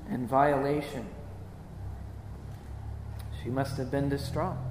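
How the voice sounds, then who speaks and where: A man's voice: medium pitch, darkish tone, slight background noise. A male pastor preaching a sermon, telling the story dramatically and asking rhetorical questions. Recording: echoey hall with long reverb.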